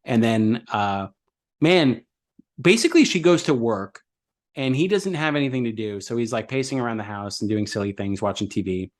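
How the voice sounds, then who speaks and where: Guy on a movie podcast, middle pitch, rambly, lots of likes and ums. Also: lively intonation, normal speed. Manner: rambling, many fillers and restarts. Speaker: podcast co-host. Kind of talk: casual film discussion.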